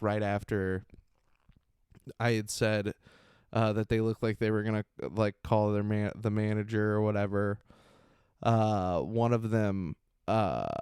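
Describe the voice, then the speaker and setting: A man's voice: on the low side, unhurried, smooth, no room sound, clean studio sound. Laid-back man telling a comedy-gig story. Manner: animated, laughing, acts out quotes in a mocking raised voice. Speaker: podcast host and stand-up comedian. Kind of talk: casual storytelling monologue.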